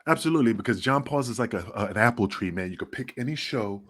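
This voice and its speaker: A man's voice: medium pitch, animated, quick pace, a bit bright. A man with a New York accent co-hosting a podcast, talking bluntly and rambling with plenty of swearing. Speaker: podcast co-host. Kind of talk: casual podcast chat.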